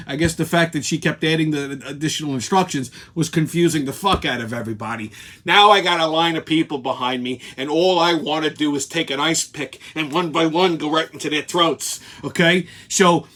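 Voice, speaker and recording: A man's voice: a little high, brisk, a bit bright. A man hosting his weekly show, telling an angry, profane story. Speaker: show host. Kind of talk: ranting weekly commentary.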